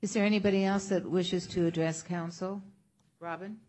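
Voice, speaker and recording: A woman's voice: lowish voice, steady tone, moderate pace, darkish tone. A woman chairing a city council meeting, calling for speakers and moving through procedure in short, plain lines. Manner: brief, procedural. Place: council chamber.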